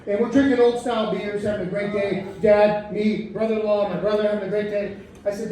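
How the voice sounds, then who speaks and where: A middle-aged man from Chicago doing a profane stand-up set in a comedy club, loose and rambling, jumping into shrill outbursts. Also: brisk, warm tone. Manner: loose, profane storytelling with sudden high-pitched outbursts. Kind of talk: stand-up set with crowd work. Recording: echoey club heard from far off. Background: audience laughter.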